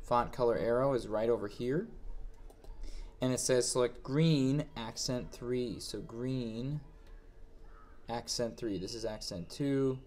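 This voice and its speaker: A man reading each step of a software exercise aloud, then thinking aloud as he walks through it on screen. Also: medium pitch, takes it slowly. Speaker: instructor. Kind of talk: screen-recorded software tutorial.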